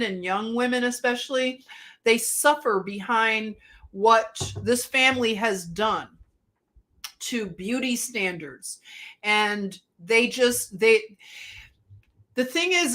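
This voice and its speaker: A woman hosting a live stream, talking slowly and musing through casual commentary with frequent restarts. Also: fairly high pitch, sharp tone.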